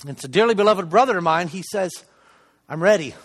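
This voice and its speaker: This middle-aged lay preacher shares his testimony from a church pulpit in a strikingly high, light voice, talking quickly and expressively. He jokes at his own expense and swings between hushed asides and loud emphasis, his words echoing with long reverb through the hall.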